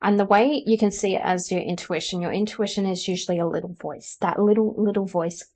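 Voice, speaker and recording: A woman's voice: mid-range voice, fairly even intonation, a little fast, a little mellow. Chatty woman giving a tarot reading. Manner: chatty, explanatory, talks straight to the viewer. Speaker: tarot reader. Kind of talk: pick-a-card tarot reading.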